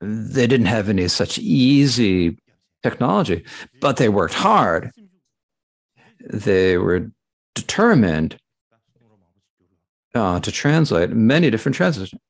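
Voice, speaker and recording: Translating a Buddhist Dharma talk into English, a very animated man with a gravelly edge speaks haltingly, often breaking off and starting again. His pitch swings widely and filler sounds keep plugging the gaps.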